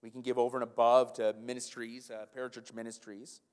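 A man preaching a sermon in a church sanctuary, animated, with stumbling restarts and repeated words. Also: mid-range voice, brisk, smooth. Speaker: pastor. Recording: long church hall reverb.

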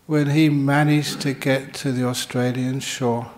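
A man giving a Buddhist dharma talk in a slow, reflective storytelling manner. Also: mid-range voice, flat delivery, a little mellow.

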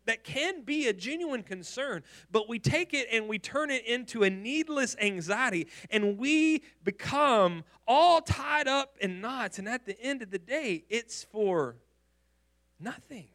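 Male pastor, high bright voice, animated sermon storyteller who stumbles and repeats words. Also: measured pace.

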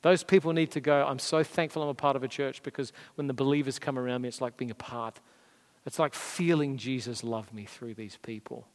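Australian man preaching in a reverberant hall. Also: medium pitch. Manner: earnest, conversational preaching with emphatic rises. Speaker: pastor. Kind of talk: sermon. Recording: long reverb of a large hall.

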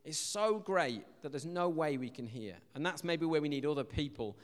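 A young man preaching a casual, jokey sermon in a church, telling stories in a lively, animated way. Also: on the high side, normal speed. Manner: chatty, jokey, animated storytelling with shouted asides. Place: church hall. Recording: long hall reverb.

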